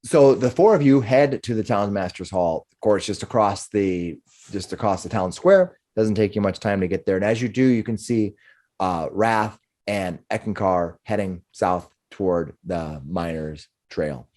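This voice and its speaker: A man's voice: lowish voice, measured pace, darkish tone. A man narrating as game master of a tabletop game, rambling with frequent restarts.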